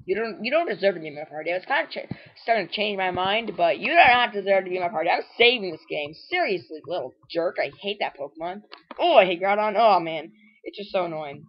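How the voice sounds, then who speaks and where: A woman's voice: mid-range voice, expressive, quick pace, highs cut off, slight background noise. A woman giving rambling, casual commentary while playing a video game and talking back at it. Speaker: let's play host.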